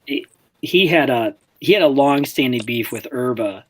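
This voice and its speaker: A podcast co-host tells rambling, profane stories in casual chat, laughing along the way. His voice is medium-pitched and expressive at a normal speed, captured in a rough recording with faint background noise.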